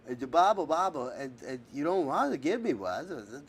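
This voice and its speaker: Tipsy male host: incredulous, exasperated and stammering, with a high, lively voice. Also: normal speed, few pauses. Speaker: podcast host. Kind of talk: late-night comedic rant with character voices.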